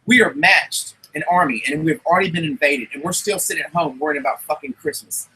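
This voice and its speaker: A man's voice: on the high side, a little fast, pushed and bright, breathy edge, poor audio. A man, talking casually as a podcast host. He rambles emphatically and often restarts his sentences. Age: 30s. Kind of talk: casual chat.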